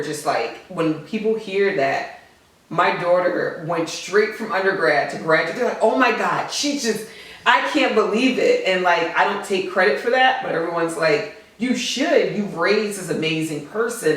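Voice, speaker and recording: A woman in her forties, a podcast guest, talking in a heartfelt, earnest and outspoken way as a mother. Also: deep voice. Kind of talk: casual podcast chat. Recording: echoey room, distant mic.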